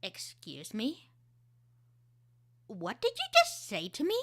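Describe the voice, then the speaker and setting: A woman voicing a sassy young woman who confronts someone slowly and sarcastically. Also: mid-range voice, wildly swooping pitch, fairly bright tone, exaggerated voice. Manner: slow, challenging, sarcastic.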